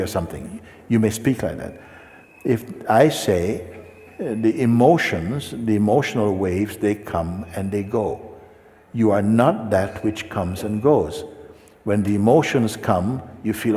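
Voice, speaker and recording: A man with a fairly low voice gives a spiritual talk. He answers a seeker gently and without hurry, and often pauses to ask if he is understood. His voice rings with the long reverb of a large hall. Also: lively intonation. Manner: gentle, unhurried, checks in with questions. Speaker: spiritual teacher.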